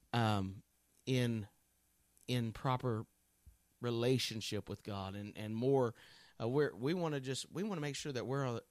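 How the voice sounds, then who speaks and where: A man's voice: medium pitch, no echo. A man giving a conversational Bible teaching, earnest and folksy, thinking aloud as he goes.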